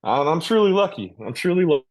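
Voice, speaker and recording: A man's voice: a little high, sing-song, brisk, a little mellow. A man, a touring metal musician, talking casually in an interview over a video call, rambling with restarts and easy laughs. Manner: laid-back, rambling with many restarts and laughs.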